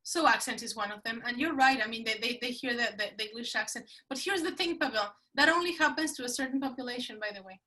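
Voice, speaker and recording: A middle-aged woman with a Spanish accent talks as a podcast guest, her voice bright and pitched a little high. She speaks emphatically and repeats her phrases for effect. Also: fast, few pauses. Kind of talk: casual interview talk.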